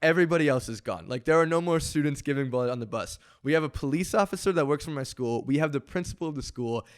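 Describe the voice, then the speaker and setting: Young man, podcast host, casual animated storyteller who acts out quotes. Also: fairly high pitch, fast talker. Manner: animated, acts out quoted voices, laughs often. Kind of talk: casual storytelling among friends.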